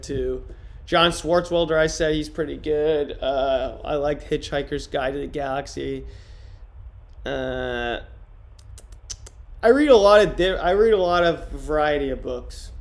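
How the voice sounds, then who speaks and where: A man streaming in casual livestream chat, trying out deadpan stand-up jokes on his viewers. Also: fairly high pitch.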